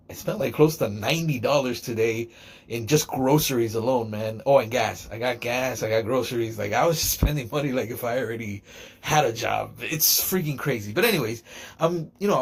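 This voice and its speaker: A man's voice: mid-range voice, slightly rough. A middle-aged man telling a casual, rambling story in a joking, digressive way. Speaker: podcaster.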